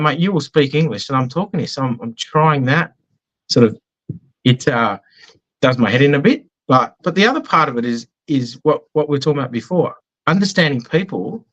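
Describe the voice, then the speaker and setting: A man's voice: on the high side, expressive, fairly quick, a bit bright, muffled recording. An Australian man chatting in an interview, telling anecdotes in a self-deprecating way. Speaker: business guest. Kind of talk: casual conversational interview.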